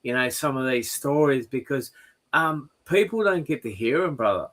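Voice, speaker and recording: A man's voice: mid-range voice, lively intonation, normal speed. A man hosting a casual video call, encouraging and friendly toward his guest. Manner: warm, encouraging, calls guest brother. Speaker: host. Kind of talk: casual chat on an online call.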